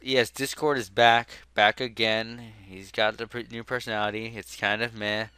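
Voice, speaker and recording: A man's voice: lowish voice, fairly even intonation, normal speed, bright, forceful tone, clean tone, no echo. A young man hosting a casual comedy podcast, sarcastic and joking as he reads through a list. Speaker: podcast host.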